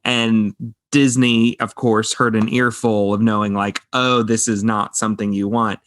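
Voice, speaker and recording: A man's voice: lowish voice, little pitch movement, unhurried, a bit bright. A man co-hosting a casual movie podcast, eagerly quoting favorite film lines. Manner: enthusiastic, quotes film lines. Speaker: podcast co-host. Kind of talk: casual movie review chat.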